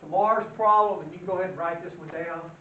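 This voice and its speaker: A man's voice: high-pitched, quick pace. Man, math teacher, folksy classroom lecture, quizzing students, distant mic, roomy echo. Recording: roomy, distant, dull lo-fi sound with faint hiss.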